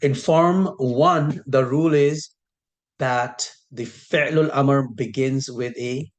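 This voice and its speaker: Patient man teaching, repeating sounds slowly. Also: medium pitch. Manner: patient, repeats key sounds slowly and stretches words for emphasis. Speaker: Arabic teacher. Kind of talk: recorded online lesson.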